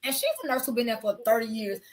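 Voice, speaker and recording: A woman with a slightly high voice speaks on a faith talk show as a guest nurse. She tells her testimony in an animated, conversational way and acts out the dialogue of the people in her story. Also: quick pace.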